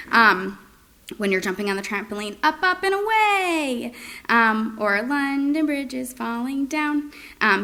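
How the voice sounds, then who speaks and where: A woman's voice: medium pitch, bright, forceful tone. A woman giving an informal training presentation, with frequent ums and sing-song modeled phrases. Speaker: speech-language presenter.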